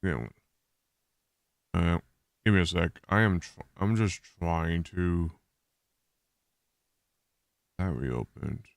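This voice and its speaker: Male streamer, low-ish bright voice, dry close mic, exasperated rambling chat to viewers. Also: expressive, slow pace, creaky, long pauses, no room sound. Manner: rambling, restarting sentences, exasperated about tech issues. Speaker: streamer hosting a watch party. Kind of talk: casual live-stream chat.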